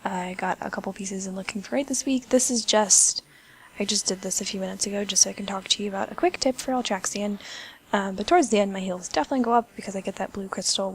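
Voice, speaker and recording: A woman's voice: medium pitch, quick pace, low-quality recording. A young woman giving a casual gameplay tip as a voice-over, chatty with lots of ums and restarts, and she has hiccups. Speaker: game video creator.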